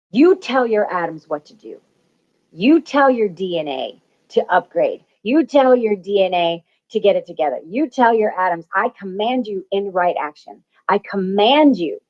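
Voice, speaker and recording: A woman hosting a spiritual talk, speaking emphatically and repeating herself, swearing freely as she encourages listeners. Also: medium pitch. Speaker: spiritual channel host. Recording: dull lo-fi audio.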